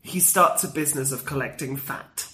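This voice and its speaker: A podcast co-host in a casual chat, retelling scenes with animated energy and acting out quoted lines with shifts in pitch. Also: moderate pace.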